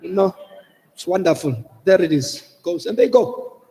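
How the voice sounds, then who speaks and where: A man's voice: high voice, expressive, measured pace, warm tone, in a large hall. A man with a South African accent preaching a sermon as a pastor, earnestly pleading and repeating his warnings, slipping Xhosa phrases into his English. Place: church hall.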